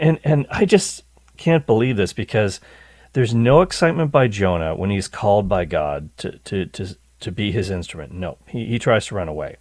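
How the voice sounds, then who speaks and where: Male radio host teaching scripture, lively pitch swings, dry close sound, quick restarts on words. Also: dry recording. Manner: animated, repeats words when starting a thought.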